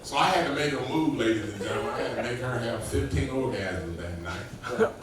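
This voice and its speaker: On stage at a comedy club, a man tells profane, rambling stand-up stories, acting out the quotes. His medium-pitched voice is lively in intonation and a little fast, picked up by a distant, echoey room mic with ambient noise.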